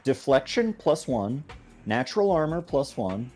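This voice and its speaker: A man's voice: medium pitch, big pitch swings, measured pace, darkish tone. Guy playing a tabletop game, hesitant, voice jumps all over, music faint behind. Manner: hesitant, laughing, joking. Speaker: player.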